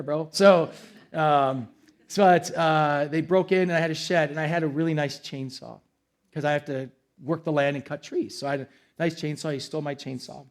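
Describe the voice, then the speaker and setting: A man's voice: on the high side, a little mellow. A young adult man preaching a sermon as pastor, in a casual, conversational way with acted-out quotes. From United States.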